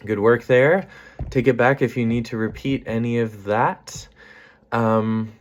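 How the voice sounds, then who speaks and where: A man's voice: mid-range voice, fairly even intonation, unhurried. A man leading a choir rehearsal, counting beats and calling out measures and cues for the soprano sections over piano. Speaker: choir director. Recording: loud piano accompaniment behind the voice.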